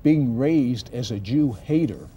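A man hosting a TV interview show and asking his guest questions, animated when he tells a story. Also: medium pitch, slow, muffled recording, a little hiss or hum. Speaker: TV show host.

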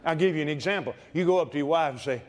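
A male preacher delivering a fervent sermon, often shouting and breaking into laughter. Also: a little high, racing, big-room sound, a faint crowd.

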